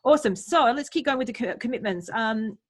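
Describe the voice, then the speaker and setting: Host: woman, husky, chatty, video call sound. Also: a little high. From Yorkshire, England. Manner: chatty, quick, lively. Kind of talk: online group meetup.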